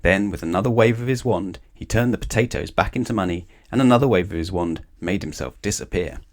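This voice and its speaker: Animated man reading a bedtime story. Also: low-pitched, brisk. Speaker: storybook reader. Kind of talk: children's bedtime story read-aloud.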